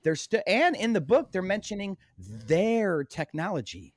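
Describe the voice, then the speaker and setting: Lively high-voiced man, emphatic guest. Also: measured pace, no room sound. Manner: animated storytelling, emphatic and insistent. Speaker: podcast guest, documentary filmmaker. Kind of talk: casual podcast conversation.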